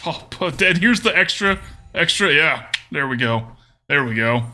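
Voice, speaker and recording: A man's voice: on the high side, animated, normal speed, sharp tone. A young man from Texas giving playful, jokey live-streamed commentary on a card game as a streamer, now and then bursting into cheers.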